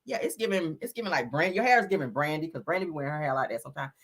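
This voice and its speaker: Woman host, bright and sassy, animated, blunt fashion takes for a live chat. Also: low voice, very fast, breathy edge. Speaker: livestream host. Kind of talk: casual celebrity fashion commentary.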